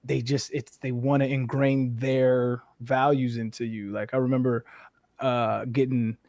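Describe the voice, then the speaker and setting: A man in his thirties from the western United States, a former football player speaking as a guest, telling candid, animated stories laced with profanity. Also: mid-range voice, measured pace, no room sound, clean studio sound. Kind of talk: casual conversational interview.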